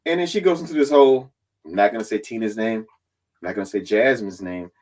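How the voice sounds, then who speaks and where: Profane, animated man telling a story. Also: lowish voice, fairly quick. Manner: animated and profane, acting out others' lines in quotes. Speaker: reality competition contestant and guest. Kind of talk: casual storytelling recap.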